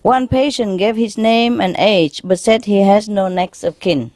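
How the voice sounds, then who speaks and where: Slow-speaking woman telling jokes. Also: a little mellow, no room sound. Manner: slow, unhurried joke-telling that shifts into higher quoted voices. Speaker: spiritual teacher. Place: lecture hall gathering.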